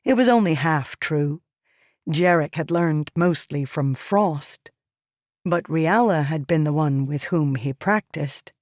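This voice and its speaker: A woman audiobook narrator reads scripted narration slowly and measuredly. Her voice sits low, a little mellow, with lively intonation, recorded at studio quality with no room sound.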